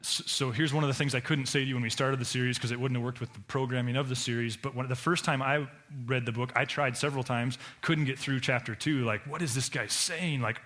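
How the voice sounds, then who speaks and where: A man preaching a Sunday sermon at a middle pitch, talking it through conversationally. He often repeats words and restarts his sentences. Now and then he jumps higher to act out a quoted voice. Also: sharp tone. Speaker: pastor.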